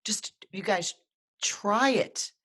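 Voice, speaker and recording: Animated, restart-prone storyteller. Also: mid-range voice, slow pace. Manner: animated storyteller with frequent restarts and repeated words. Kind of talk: casual live video chat, telling a personal story.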